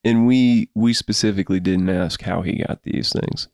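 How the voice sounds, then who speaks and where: Middle-aged male co-host, laid-back talker, low gravelly voice, dry close mic. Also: moderate pace, no echo. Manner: relaxed, fills in with short agreements. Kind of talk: casual storytelling chat.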